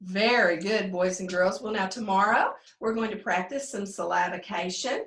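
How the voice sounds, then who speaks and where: A woman teaching a second grade phonics lesson to children, slow and sing-song, stretching out the sounds. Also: medium pitch. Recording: echoey room, a bit distant.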